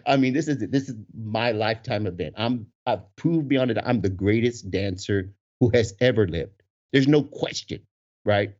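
A man in his forties with a husky voice, telling a story casually with lots of laughter. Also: on the low side, normal speed. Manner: animated, laughs often, acts out voices in quotes. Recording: dull lo-fi recording.

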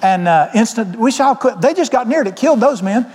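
A man's voice: very high-pitched, expressive, a little fast, darkish tone. A man with a Southern US accent, preaching a sermon as pastor with folksy, emphatic storytelling in a church sanctuary. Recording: long reverb of a large hall.

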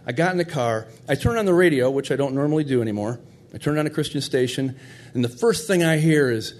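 A man's voice: mid-range voice, brisk, darkish tone. A middle-aged man telling a heartfelt personal story in a conversational, tender way.

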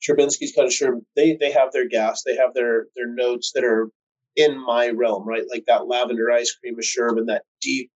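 This cannabis breeder guest has a mid-range voice with a level tone and speaks at normal speed on a rough recording. Laid-back and profane, he tells long stories packed with "um" and "like," acting out the voices of anyone he quotes.

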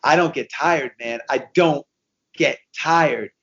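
Animated fifty-something man telling stories. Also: a little high, slow, vocal fry, lo-fi sound. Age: 50s. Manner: animated storyteller, repeats himself, restarts. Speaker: guest, endurance racer. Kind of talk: casual podcast conversation.

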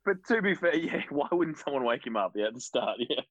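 A man's voice: medium pitch, sing-song, a little fast, no room sound, muffled recording. A man co-hosting a podcast, joking and laughing a lot, reacting with mock outrage. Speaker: podcast co-host. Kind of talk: casual chat.

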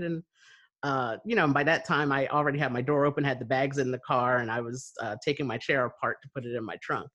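A woman telling stories in casual chat, laughing often and quoting people with a lively voice. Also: extremely low pitch, brisk.

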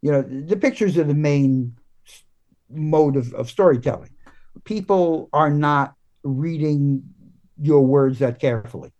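A man, a guest comics writer, talking in a casual podcast interview, halting and full of restarts and fillers. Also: on the high side, darkish tone, muffled recording.

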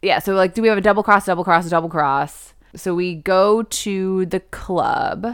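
A woman's voice: lowish voice, normal speed, smooth, dry recording, clean studio sound. A woman in casual chat, retelling a film scene by scene with lots of fillers. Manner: chatty, animated retelling with acted quotes and laughs. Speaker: podcast co-host discussing a film.

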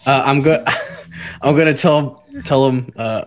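A man's voice: mid-range voice, measured pace. Man, tabletop player, wry quips, noisy background, clicks. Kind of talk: casual tabletop game chat.

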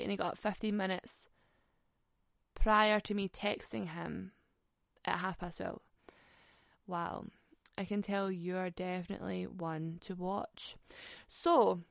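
A young Scottish woman telling a dating story on a podcast in a sweary, sarcastic, animated way. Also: medium pitch, vocal fry, no room sound, studio quality. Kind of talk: casual storytelling.

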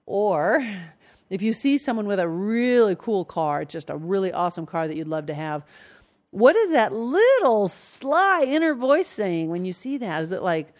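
A woman's voice: mid-range voice, sing-song, normal speed, a little mellow. A woman leading a casual spoken self-help lesson as a coach, asking the listener many questions and acting out inner voices with shifts of tone.

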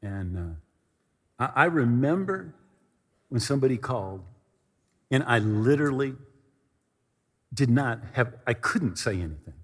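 A man preaching a storytelling sermon from a podium, animated and repetitive, moving between comic and earnest. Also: medium pitch, measured pace, long pauses, husky. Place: church hall at a podium. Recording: reverberant hall.

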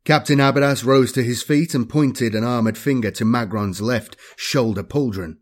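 A male narrator reads a dark science-fiction story in a measured, dramatic way. His voice sits at an ordinary middle pitch and holds a steady reading pace. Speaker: audiobook narrator. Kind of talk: scripted narration.

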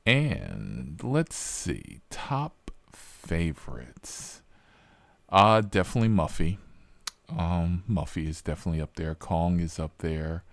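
A man who hosts a rideshare show, telling profane, animated stories in a casual interview. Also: deep voice, takes it slowly, gravelly, no room sound. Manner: profane, animated storyteller with laughs. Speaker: rideshare driver and show host.

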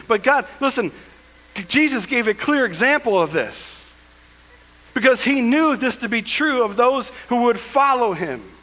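Bright-voiced male pastor preaching in a hall. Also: extremely high pitch, expressive, moderate pace, dull audio. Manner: preaching with emphatic asides, acting out quoted scripture. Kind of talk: sermon. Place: church sanctuary.

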